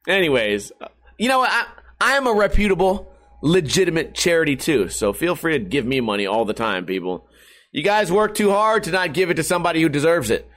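A man's voice: on the high side, expressive, a little fast, a bit bright. A man, rambling and joking profanely as a streamer talking to his webcam at home. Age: 30s. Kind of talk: casual rambling vlog. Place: hot house. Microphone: webcam setup at home.

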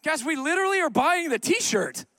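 High-voiced man preaching a sermon. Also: sing-song, moderate pace, pushed and bright, dry recording, clean studio sound. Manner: conversational, joking asides, repeats key lines. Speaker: pastor. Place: church sanctuary.

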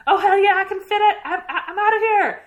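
A woman's voice: fairly low pitch, lively intonation, slow, narrow, tinny audio. A woman voicing a huge, ancient female sea serpent, slangy at times and grandly solemn at others. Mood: excited.

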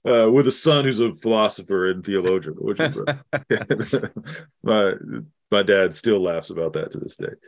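A middle-aged man, a guest theologian, telling a personal story in an earnest, halting way with many restarts. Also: lowish voice, expressive. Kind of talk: reflective storytelling in conversation.

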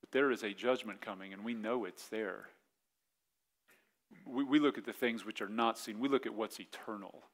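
A man in his forties preaching a sermon as pastor, in a conversational way, acting out quick voiced asides. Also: lowish voice, fairly bright tone.

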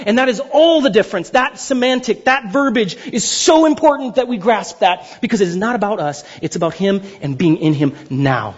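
A young man preaching a sermon to his church, telling stories in a lively, self-deprecating conversational way. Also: sits high, moderate pace, few pauses. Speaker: pastor. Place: church sanctuary. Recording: dull lo-fi sound.

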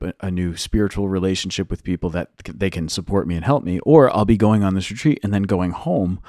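Low-voiced man explaining earnestly. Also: darkish tone, no echo, clean studio sound. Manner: earnest, rambling explanations with many restarts. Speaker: podcast co-host, youth minister and teacher. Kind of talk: casual podcast chat.

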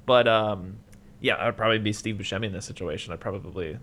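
A young man in casual conversation about a film, animated and swearing freely, often jumping into loud, high-pitched impressions of the characters. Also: quick pace. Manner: animated, acts out quotes with sudden loud high jumps. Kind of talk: casual movie discussion.

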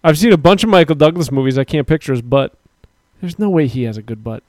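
A man's voice: fairly high pitch, expressive, fast, a little mellow, no room sound, clean studio sound. A man co-hosting a livestream, bantering crudely, laughing often and reading chat aloud. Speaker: livestream co-host.

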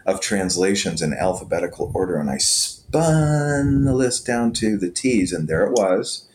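A middle-aged man, a podcast guest, telling a personal story in an animated, chuckling way. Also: fairly low pitch, unhurried, slight background noise. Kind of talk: conversational storytelling.

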